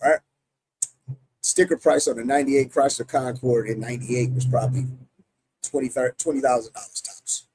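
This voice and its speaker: A man's voice: medium pitch, steady tone, moderate pace, a little mellow, slight background noise, low-quality recording. A middle-aged American man, a union president, answering interview questions emphatically, often restarting his sentences. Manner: emphatic, many repeated restarts.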